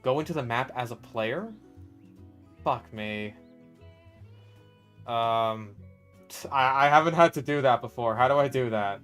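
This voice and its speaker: A man casually commentating his own gameplay, swearing freely and breaking into loud exasperated yelling. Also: mid-range voice, measured pace, long pauses, soft background music. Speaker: gaming video creator.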